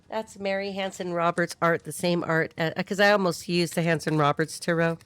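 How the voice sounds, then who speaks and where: A woman giving a casual, chatty tarot reading, laughing often and tossing in quick asides. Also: fairly low pitch, clean tone. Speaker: tarot reader.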